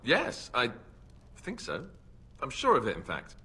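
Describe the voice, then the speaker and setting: A nervous young warrior in a game, hesitant and stammering. His husky voice wanders up and down a lot as he babbles. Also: mid-range voice, huge pitch swings, unhurried, bright, forceful tone, full character voice. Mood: earnest.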